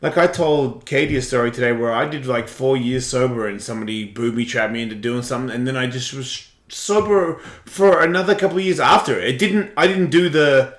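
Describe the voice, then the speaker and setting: A man's voice: mid-range voice, brisk, roomy sound. A man from Australia, hosting a casual talk show, rambling through a story and acting out the lines of others. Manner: rambling, acts out quotes in voices. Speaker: host.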